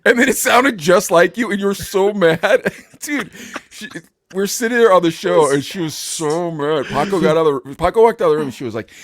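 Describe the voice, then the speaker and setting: A man's voice: sits high, brisk, dry recording, studio quality. A man co-hosting a podcast, telling stories in casual chat, laughing often and quoting people in funny voices. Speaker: podcast co-host.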